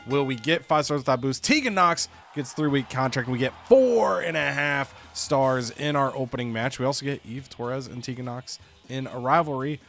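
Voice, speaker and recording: A man with an everyday mid-pitched voice recaps his wrestling game show, joking along as he goes. Faint music runs underneath. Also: normal speed, creaky, fairly bright tone. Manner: playful, quips and acts out wrestlers' lines. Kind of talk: casual gaming chat.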